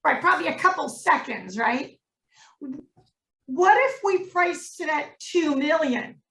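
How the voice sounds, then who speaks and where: A woman with a high voice takes the agent's part in a role-play, heard from a distance in an echoey room. She talks in an earnest, slightly hesitant way. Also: expressive, unhurried, fairly bright tone.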